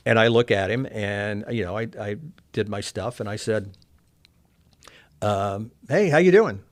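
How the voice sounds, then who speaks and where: Low-voiced man telling a personal story. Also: level tone, measured pace. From Oklahoma, US. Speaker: interview guest. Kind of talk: candid storytelling.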